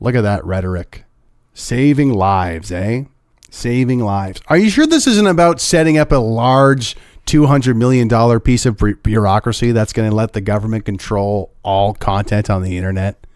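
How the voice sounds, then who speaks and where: A man's voice: fairly low pitch, expressive, normal speed, a little mellow, smooth, no room sound, studio quality. A young man giving opinionated, sarcastic video commentary as the host of his own channel. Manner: sarcastic, mocking. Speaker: political commentator.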